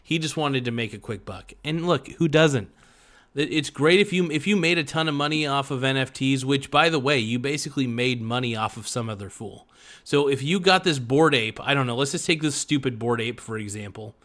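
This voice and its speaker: A man's voice: medium pitch, fairly quick, fairly bright tone. A man hosting a podcast, ranting in profane, sarcastic commentary and mocking people in put-on voices. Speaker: podcast host.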